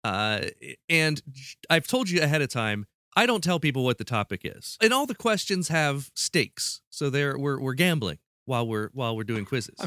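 A man's voice: medium pitch, very animated, normal speed, pushed and bright, no echo, studio quality. A man hosting a podcast, playfully running a quiz with joking stakes and laughing often. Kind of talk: casual podcast chat.

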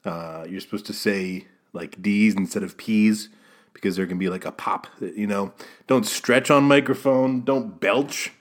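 A man's voice: on the low side, a little slow. A man hosting a casual solo podcast, rambling and self-deprecating as he chats straight to the listener. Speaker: podcast host.

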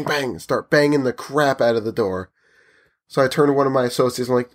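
A man chatting casually and telling a story at an even middle pitch. He slips into voices for the people in his tale and lets his tone rise and fall with it. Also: brisk.

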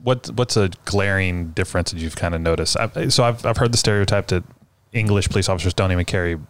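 A man's voice: low-pitched, fast talker. A man hosting an interview, asking curious, friendly questions. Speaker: podcast host. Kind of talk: casual interview.

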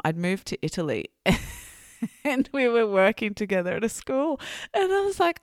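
Animated woman host, lively pitch. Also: a little fast, dry recording, clean studio sound. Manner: animated, laughing storyteller. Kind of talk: casual interview chat.

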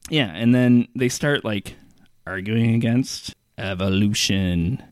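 A man co-hosting a podcast, telling stories loosely with a laugh and quick impressions. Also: mid-range voice, smooth, no room sound, studio quality. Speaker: podcast co-host. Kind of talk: casual chat. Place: Toronto area.

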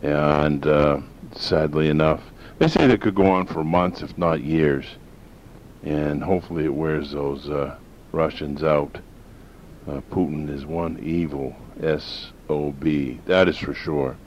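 A man's voice: rumbling low, steady tone, takes it slowly, a little mellow. A man from northern Maine hosting a talk radio show, rambling in a folksy, opinionated way. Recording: dull lo-fi sound with faint hiss.

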